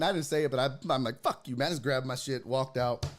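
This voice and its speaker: A man's voice: medium pitch, quick pace. A man from Texas, hosting a podcast and telling a story in a casual, profane, ranting way. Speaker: host.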